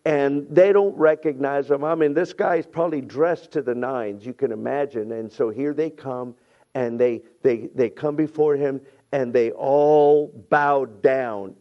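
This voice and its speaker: A middle-aged man preaching a sermon who tells stories, acts out voices, repeats himself and builds to shouting. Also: medium pitch, unhurried, highs cut off. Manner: many restarts and repeated phrases. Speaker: pastor.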